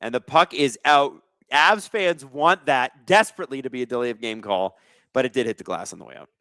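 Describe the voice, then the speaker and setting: A man's voice: medium pitch, fairly quick, sharp tone, no room sound. A man hosting a casual live sports watch-along, reading chat aloud and joking sarcastically, with plenty of swearing. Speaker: livestream host.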